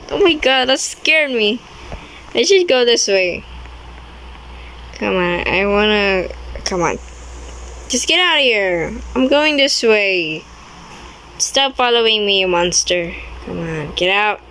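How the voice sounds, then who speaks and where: A woman's voice: mid-range voice, animated, measured pace, a bit bright, slight background noise, low-quality recording. Jumpy young woman narrating her gameplay. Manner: jumpy and easily scared, frequent exclamations; non-native English grammar. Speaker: gaming video creator. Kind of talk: casual gameplay commentary.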